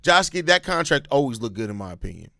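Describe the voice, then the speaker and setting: A man hosting a live postgame reaction, talking bluntly with plenty of profanity and breaking into loud rants. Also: mid-range voice, big pitch swings, fast talker, vocal fry, dry recording, studio quality. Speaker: sports channel host.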